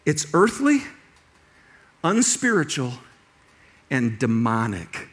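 A middle-aged male pastor giving a sermon, telling a personal story with lively restarts and laughter. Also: medium pitch, slow.

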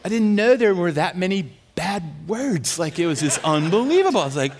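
A preacher telling a story in a sermon. He is animated and self-mocking, and he often laughs as he talks. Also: sits high, moderate pace, a little hiss or hum.

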